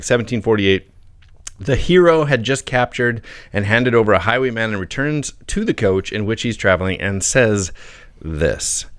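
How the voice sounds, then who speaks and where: Low-voiced guy on a podcast, joking around, dry close mic. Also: no echo. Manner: laid-back, joking, laughs often, slows down to read. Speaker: podcast co-host. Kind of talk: casual chat, reading a passage aloud.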